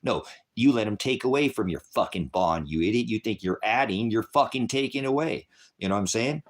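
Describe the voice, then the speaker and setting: A middle-aged man hosting an online ministry channel, delivering an angry, profane political rant that swings between low mutters and loud outbursts, with frequent restarts. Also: animated, fairly quick. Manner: heated, profane, repeats words and restarts.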